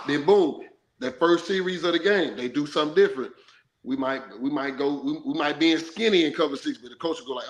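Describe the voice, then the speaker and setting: A man's voice: on the high side, a little fast. A man who played football, talking casually and animatedly with plenty of slang. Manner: loose, animated storytelling with slang. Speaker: former football player, guest. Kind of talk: casual sports talk.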